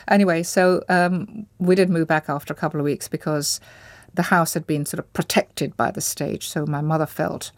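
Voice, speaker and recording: A woman from Indonesia sits for an interview, her voice pitched a little low and recorded close and dry. She talks in a reflective, searching way, circling back and restarting as she gathers her memories. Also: fairly even intonation, moderate pace, no room sound. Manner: thoughtful, searching for words, frequent restarts. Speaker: interview guest. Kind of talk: reflective personal recollection.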